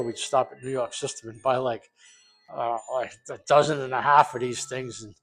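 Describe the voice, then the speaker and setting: A middle-aged man from Rhode Island, rambling loosely and swearing as he makes a recipe in his home kitchen. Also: mid-range voice. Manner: rambling, profane, loose and jokey. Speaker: home cook vlogger. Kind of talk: casual cooking vlog.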